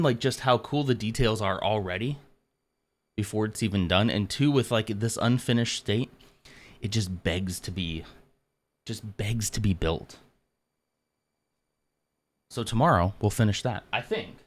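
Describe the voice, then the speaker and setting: A man hosting a casual live stream, chatting with viewers and out of breath from exercise. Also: on the low side. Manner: chatty, self-mocking, greets viewers by name. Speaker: livestream host.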